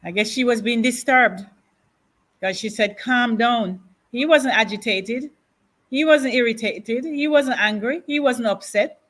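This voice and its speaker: A woman being interviewed, slowly and deliberately recounting a painful loss in grief. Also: on the high side, fairly bright tone. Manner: slow, grieving, deliberate retelling with repetition. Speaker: widow of a councillor, guest. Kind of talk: emotional interview testimony.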